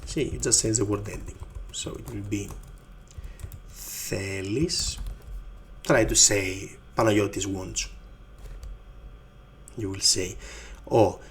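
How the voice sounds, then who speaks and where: There's slight background noise as a man with a lowish voice speaks slowly and pauses often. He is a native Greek speaker with a Greek accent, teaching the language in English through a slow explanatory lesson and patiently repeating each form.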